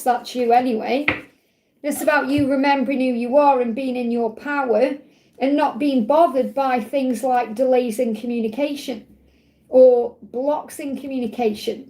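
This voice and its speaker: A woman from the UK hosting a live tarot reading, her voice a little croaky, repeating key words and checking in with "okay?" as she reassures her viewers. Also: high voice, dark tone. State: slightly croaky voice. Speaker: tarot reader and livestream host.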